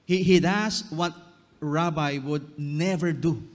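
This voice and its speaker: A man preaching a sermon as pastor, switching between English and Tagalog with slow emphasis. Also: fairly high pitch, fairly even intonation. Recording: long reverb of a church hall.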